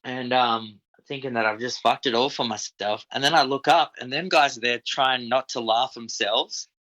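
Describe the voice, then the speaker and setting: A young Australian man, an equipment operator, swaps stories as a guest on a podcast, relaxed and cursing freely, with "dude" and "man" cropping up often. His mid-range voice is fairly bright and moves at a moderate pace, though the audio sounds dull.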